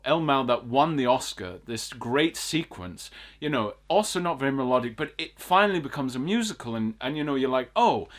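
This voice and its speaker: A man's voice: medium pitch, a bit bright. A man co-hosting a film podcast, ranting in an exasperated, emphatic way and repeating his points.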